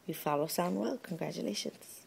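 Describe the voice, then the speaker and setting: A woman's voice: lowish voice, brisk, creaky, heavy background noise. A mother filming her baby at home, cooing and sometimes whispering to her. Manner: coos and drops to soft whispers. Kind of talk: casual home video chat.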